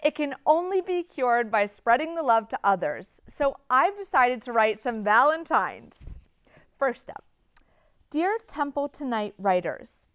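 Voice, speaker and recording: Smooth-voiced young woman hosting with deadpan sarcasm. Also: fairly high pitch, unhurried, no echo. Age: 20s. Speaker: student TV show host. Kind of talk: scripted comedic monologue.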